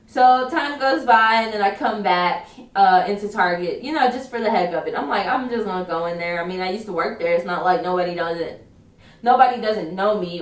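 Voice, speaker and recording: A chatty young woman recounts a story in casual story-time style, looping back over her points and acting out other people's lines. Her voice sits at a middle pitch and is picked up from a step back, with a roomy echo around it. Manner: chatty, repetitive, quotes others. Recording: roomy echo, distant from mic.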